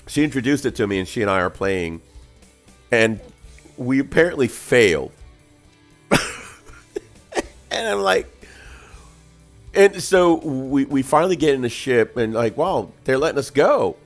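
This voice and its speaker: Gravelly, animated man telling stories. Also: mid-range voice, measured pace, long pauses, soft background music. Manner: animated storyteller, laughs often, voices others loudly. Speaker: co-host. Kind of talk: casual chat while painting miniatures.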